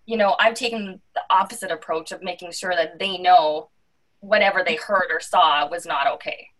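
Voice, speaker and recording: A woman's voice: on the low side, moderate pace, fairly bright tone. A woman on a video call, speaking firmly and directly about parenting. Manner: firm, direct. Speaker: panelist. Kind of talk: casual video call chat. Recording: voice distant from the mic.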